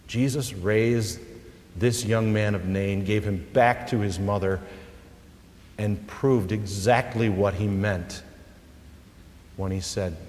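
A male pastor preaching a sermon, swelling loud at high points and dropping soft and low for emphasis. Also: steady tone, slow pace, long pauses. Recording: long reverb of a large hall.

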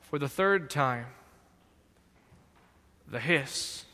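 A man giving dramatic scripted narration in a slow, deliberate, solemn manner. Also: medium pitch, animated, pushed and bright, in a large hall, slight background noise.

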